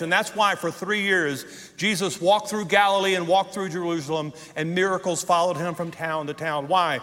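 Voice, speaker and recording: Middle-aged male pastor, high voice, emphatic sermon delivery, big church reverb. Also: steady tone, soft background music. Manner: emphatic preaching, drawn-out stressed words, rising to shouts. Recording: long hall reverb in a church.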